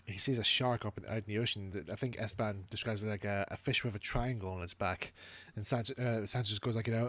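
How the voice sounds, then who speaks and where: A man hosting a casual review chat, animated and laughing often as he acts out lines. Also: on the low side, quick pace, no echo. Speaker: podcast host reviewing an animated series.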